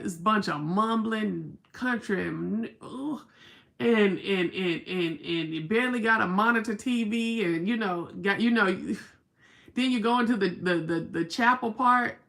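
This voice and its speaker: A Southern American woman hosts a casual livestream, chatting, telling stories and reading viewer comments out loud. Her mid-range voice is creaky, pushed and bright.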